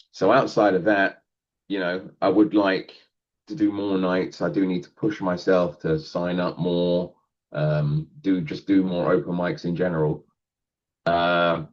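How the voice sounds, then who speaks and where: A man's voice: sits low, muffled recording. A male comedian talking casually in a podcast interview, rambling and self-deprecating, laughing often. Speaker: guest comedian.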